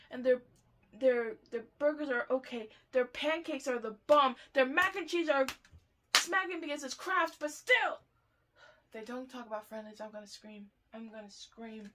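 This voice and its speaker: A woman's voice: fairly high pitch, fairly bright tone. A young woman ranting heatedly in a casual monologue, swearing and exasperated while reacting to a podcast.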